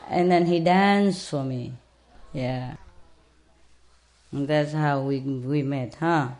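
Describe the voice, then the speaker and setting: Deep-voiced lady bird rescuer, slow and soft, sweet-talking a parrot in broken english. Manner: tender, coaxing, in simple broken English. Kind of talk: casual talk to a parrot and viewers.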